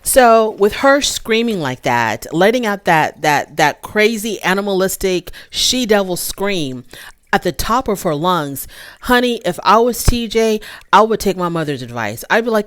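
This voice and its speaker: A woman's voice: mid-range voice, sing-song, moderate pace, no echo, clean studio sound. A woman hosting a casual recap show, talking in a candid, opinionated and sassy way with frequent asides. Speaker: reality show recap host.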